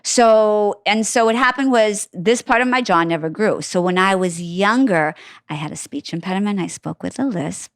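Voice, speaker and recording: A woman's voice: medium pitch, normal speed, no echo, clean studio sound. Candid, chatty woman telling her story. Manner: candid, animated storytelling with many fillers. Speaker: guest author. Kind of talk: casual interview chat.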